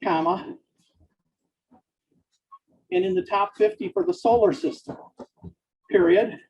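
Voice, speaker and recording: A man dictating fiction aloud, speaking each punctuation mark in a slow, deliberate way. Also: high-pitched, lo-fi sound. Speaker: author dictating a novel.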